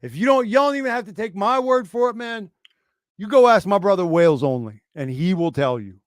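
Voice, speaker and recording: A man hosting a casual livestream, talking in a profane, animated way and acting out mocking voices. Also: sits high, fairly quick, no echo, clean studio sound. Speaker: podcast host.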